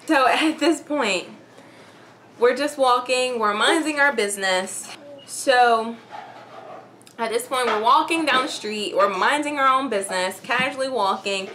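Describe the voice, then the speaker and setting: A woman's voice: high voice, a bit bright. A woman vlogger telling a story in a chatty, casual way, swearing freely and filling her talk with "like" and "you know.". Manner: chatty, profane, filler-heavy storytelling. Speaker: YouTube vlogger.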